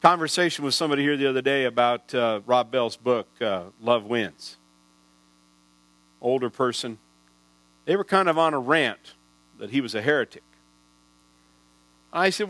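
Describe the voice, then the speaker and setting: A man's voice: medium pitch, animated, moderate pace, long pauses, a bit bright, no echo, low-quality recording. Man in his sixties, folksy rambling sermon, dry close sound, mains hum. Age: 60s. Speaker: pastor. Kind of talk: sermon storytelling.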